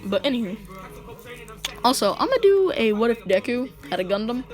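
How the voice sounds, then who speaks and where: A woman's voice: fairly high pitch, big pitch swings, moderate pace. A woman casually telling a fan-fiction story in slangy, joking talk, often breaking into laughter.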